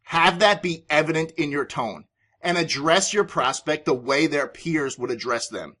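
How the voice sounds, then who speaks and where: A man's voice: on the high side, normal speed, pushed and bright. A man hosting a business podcast, giving sales advice in an emphatic, authoritative way. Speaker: podcast host and sales coach.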